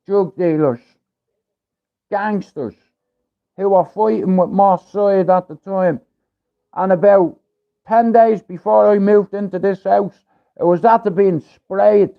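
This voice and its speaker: A man from Ireland telling a rough story on his livestream, blunt and full of swearing, in a casual streetwise way. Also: high voice, takes it slowly, long pauses. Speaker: livestream host. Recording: tinny phone-like livestream audio.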